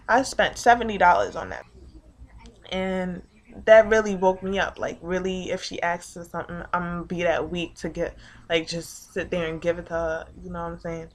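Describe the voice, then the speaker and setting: This is a young woman in her late teens recounting her day to camera in a loose, rambling way. Her voice sits slightly low for a woman, and she swears casually while stringing thoughts together with "like.". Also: fairly bright tone. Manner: rambling and profane, heavy use of "like". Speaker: vlogger. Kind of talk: casual storytelling.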